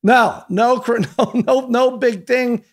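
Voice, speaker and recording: A man co-hosting a sports talk show, chatty and quick to laugh as he runs through results. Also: extremely high pitch, fairly even intonation. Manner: chatty, laughing, rattling off scores. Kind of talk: casual sports banter.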